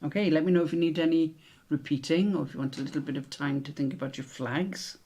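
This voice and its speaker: A man with a British accent hosting a quiz, reading each question slowly and repeating it, with chatty asides in between. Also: a little high, steady tone, darkish tone, slightly rough. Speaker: quiz host.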